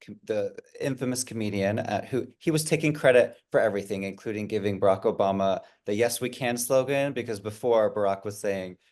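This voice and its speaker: A man hosting a casual interview, asking questions in a relaxed, conversational way with fillers. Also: lowish voice, a little fast, few pauses. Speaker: interview host. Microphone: video call.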